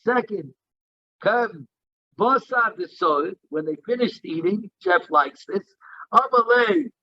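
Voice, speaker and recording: A man's voice: high voice, lively intonation, slow pace, no echo, dull audio. A man teaching a daily Talmud class, reading Aramaic text in a singsong and explaining it in English. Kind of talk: Talmud lesson, reading and translating.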